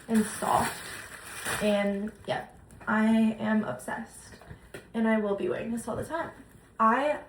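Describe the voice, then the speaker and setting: A young woman chatting excitedly as she unboxes gifts for her vlog, gushing over each item. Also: fairly high pitch. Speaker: lifestyle vlogger. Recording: echoey room, noisy background.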